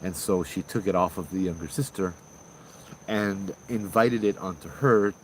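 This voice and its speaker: A man, hosting and telling a ghost story in a loose, conversational way, with fillers and sudden loud bursts. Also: sits low, fairly even intonation, moderate pace, slight background noise, rough recording. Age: 30s. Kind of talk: casual spoken ghost story.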